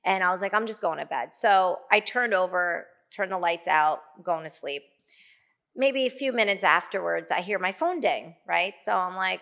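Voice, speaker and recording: Chatty middle-aged woman with a gravelly edge. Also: on the low side, normal speed, a bit bright. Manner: chatty, many fillers, acts out her own quotes. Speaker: guest. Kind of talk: casual storytelling.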